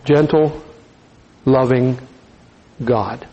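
A man preaching a sermon in a conversational, folksy style, dropping softer for emphasis. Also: medium pitch, drawn-out words, highs cut off.

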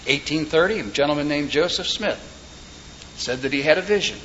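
A man delivering a sermon in a folksy, joking manner, his voice pitched a little high for a man. He drops wry asides and little anecdotes among his points. The recording sounds dull and lo-fi, with a faint hiss of background noise underneath. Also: expressive, fairly quick, a bit bright. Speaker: preacher.

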